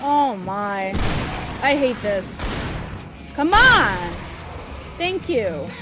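A woman giving frustrated live commentary while playing a video game, shouting orders and complaints at the character. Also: a little high, big pitch swings, extremely slow. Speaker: gameplay streamer. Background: game music.

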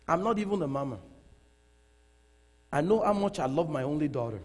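A middle-aged man preaching a sermon in a church hall. He talks in an animated way, laughs often and repeats phrases for emphasis. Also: on the high side, a little fast. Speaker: pastor. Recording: long reverb of a large hall.

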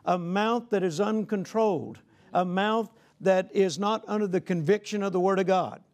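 High-pitched, gravelly male preacher. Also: moderate pace, darkish tone. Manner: conversational, folksy, peppered with "you know"; calls for "Amen?" from the congregation. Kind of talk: sermon.

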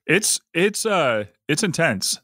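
A man co-hosting a podcast in casual chat, relaxed and laughing along with short agreeing replies. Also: a little high, slow pace, no echo, clean studio sound. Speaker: podcast co-host.

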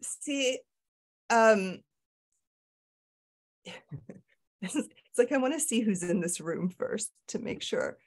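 A middle-aged woman speaks in an author interview with a candid, self-deprecating manner. Her pitch sits in the middle of the range. She often breaks off and restarts her sentences. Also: animated, slow, pauses often. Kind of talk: casual conversation.

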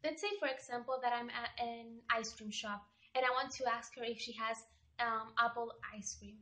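Woman vlogger, slightly high-pitched, casual and chatty, a storyteller. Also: steady tone, moderate pace, pushed and bright. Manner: chatty, storytelling with acted-out quotes. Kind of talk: casual chat to camera.

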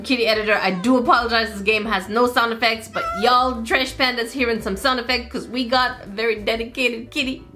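A woman's voice: fairly high pitch, bright, forceful tone. A woman hosting a let's-play gaming video, chatty and often confused, talking to her viewers. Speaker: gaming channel host. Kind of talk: casual let's-play commentary. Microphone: desk microphone.

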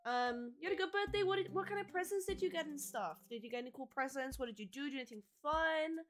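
Bubbly high-voiced woman streamer. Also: animated, quick pace, a bit bright. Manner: bubbly, giggly, greets and answers chat. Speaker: live streamer. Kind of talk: casual chat with viewers. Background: faint music.

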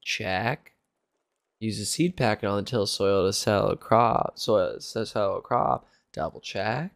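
A man with a gravelly voice streaming a farming game, chatting loosely with viewers. He cracks jokes, swears freely and talks through every move as he figures things out. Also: on the low side, slow. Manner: jokey, swears often, thinks out loud. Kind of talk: casual Let's Play commentary.

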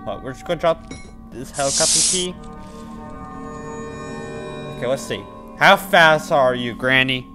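A man commentating his own horror game playthrough, muttering to himself between sudden panicked shouts. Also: mid-range voice, measured pace, pauses often, over music. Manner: mutters to himself, then yelps and shouts when scared. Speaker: gaming channel host.

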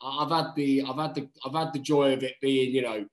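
A rugby player tells a story in casual chat, animated and swearing freely, acting out quotes and calling everyone mate. His mid-range voice comes a little fast, and the audio is poor with a roomy sound.

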